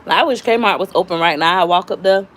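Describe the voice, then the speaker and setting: A woman's voice: on the low side, a little fast, a bit bright, a little hiss or hum. A woman, chatting casually with viewers at home with her family, slangy and rambling, a little out of breath. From Florida, US. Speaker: YouTube cooking vlogger.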